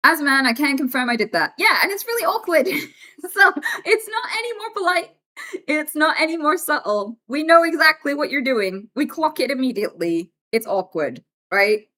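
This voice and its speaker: Blunt, bright-voiced woman streamer. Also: high voice, big pitch swings, moderate pace. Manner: blunt, exasperated, frank. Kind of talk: casual livestream chat.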